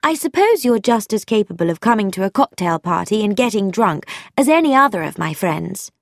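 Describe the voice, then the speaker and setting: A woman voicing a confident, teasing upper-class young woman who speaks briskly and firmly in a storybook reading. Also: mid-range voice, sing-song, dry recording, clean studio sound, voice pushed up.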